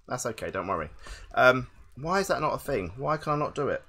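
A man streams himself playing a game and talks his chat through every failed jump. His voice is bright and forceful, and it swings up and down a lot as he grumbles. He sounds exasperated and keeps addressing his viewers as people. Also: medium pitch, very animated, brisk, soft background music. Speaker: gaming streamer. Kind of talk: live-stream gameplay commentary.

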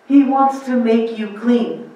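A woman's voice: fairly high pitch, slow pace, dark tone, heavy reverb, far from the mic, highs cut off. A woman pastor preaching a conversational sermon, asking the room questions and acting out quotes. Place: church sanctuary.

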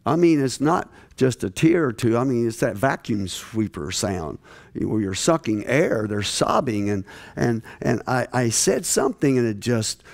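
A man preaching to a large gathering, telling stories with many restarts and swinging from hushed tones to shouts. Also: mid-range voice, very animated, a little slow, creaky. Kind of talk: sermon.

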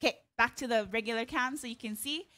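A woman leads an online hula class, counting the beats aloud and chanting cues. She explains each move in a friendly, joking way. Her voice sits fairly high. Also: fast talker, bright, forceful tone. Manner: friendly, explains with small jokes and laughs. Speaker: hula teacher. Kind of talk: online dance lesson.

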